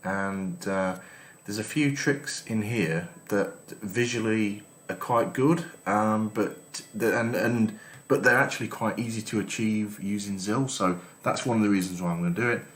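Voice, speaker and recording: Guy hosting a let's play, lowish voice, chatty, reads the game text out loud, roomy echo. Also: unhurried. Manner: reads game text aloud between comments. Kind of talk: casual let's-play commentary. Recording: echoey room with faint noise.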